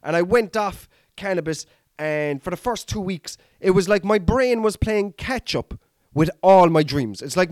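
A man's voice: high voice, expressive, a little slow, no echo, studio quality. Rambling Irish man telling a story. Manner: rambling, sweary, keeps addressing listeners as lads. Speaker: comedian podcast host. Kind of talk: casual storytelling monologue.

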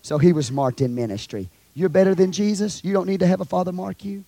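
A Texan man preaches a sermon in a high tenor. He calls out to his congregation, swings from hushed asides to loud shouts, and the sound is close and dry. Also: fast talker, gravelly, no echo. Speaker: pastor. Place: church.

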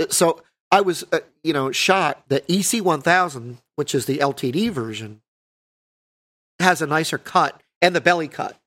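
A man co-hosting a podcast, rambling casually about guitars and PA gear, correcting himself and often clearing his throat. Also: mid-range voice, fairly bright tone. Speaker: podcast co-host, band guitarist.

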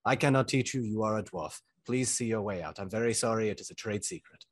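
A man voicing an aloof male elven forge master who speaks formally and curtly, low and dry. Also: quick pace, no room sound, natural voice. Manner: formal, curt, archaic phrasing.

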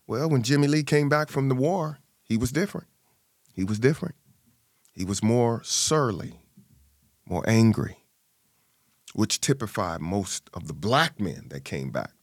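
Middle-aged male guest, lively low voice, dry close sound, acts out family voices. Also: measured pace, long pauses, no echo. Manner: animated storyteller, acting out family voices. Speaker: interview guest. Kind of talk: personal storytelling in an interview.

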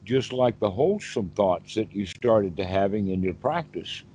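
A man's voice: fairly low pitch, lively intonation, moderate pace, hardly any pauses, darkish tone, husky, low-quality recording. A man, a Buddhist teacher, explaining patiently on a one-on-one call and asking rhetorical questions. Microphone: video call.

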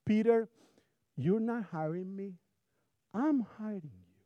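A man with a Spanish accent voicing a calm, authoritative teacher, speaking quietly and evenly. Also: high-pitched, slow pace, no room sound, muffled recording. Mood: firm. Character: calm, authoritative male teacher making an offer.

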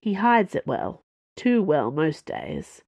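Woman reading a wry spacefaring woman, relaxed and knowing, slow and sighing, low-ish voice, dry close mic. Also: vocal fry, no room sound, exaggerated voice. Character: warm, wry woman crewmate, protective friend.

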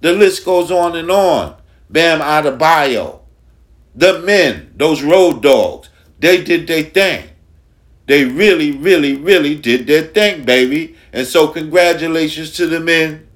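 A man's voice: fairly high pitch, slow pace. A man hosting a casual sports talk podcast, speaking emphatically and repeating phrases for effect. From Long Island, New York. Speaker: podcast host.

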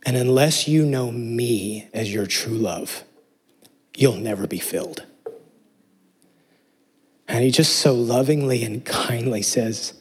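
A man's voice: mid-range voice, slow, long pauses, breathy edge. A man preaching a sermon, earnest and emphatic, asking his listeners rhetorical questions. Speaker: pastor.

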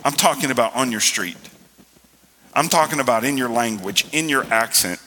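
Male pastor, sharp bright tone, preachy and emphatic, church hall reverb. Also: medium pitch, lively intonation, normal speed, a little hiss or hum. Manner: preachy, rising to loud emphatic stretches. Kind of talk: sermon. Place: church sanctuary.

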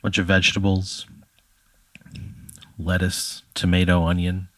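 Man, low voice, rambling improv storyteller, dry close mic. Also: monotone, measured pace, dry recording. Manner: rambling, full of "like" fillers.

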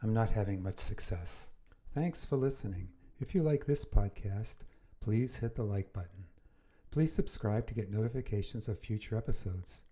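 A man with a low, husky, mellow voice reads a first-person grief memoir as a podcast host. His delivery is slow, measured and earnest, with an air of breath behind the words.

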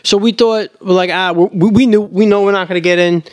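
A man in his thirties co-hosting a podcast, telling an animated story in casual chat. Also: high-pitched, a little fast, no echo. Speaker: podcast co-host.

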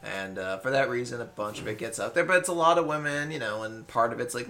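A man's voice: medium pitch, animated, fast, gravelly, few pauses, pushed and bright. A man co-hosting a casual podcast, chatting with friends and laughing often as he talks. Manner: laughs often while talking. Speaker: podcast co-host.

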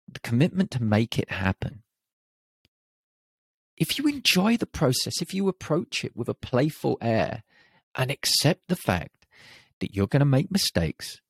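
A man's voice: mid-range voice, gravelly, husky, dry recording. A man hosting a motivational podcast, talking in an emphatic, encouraging way and swearing casually. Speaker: confidence podcast host and coach.

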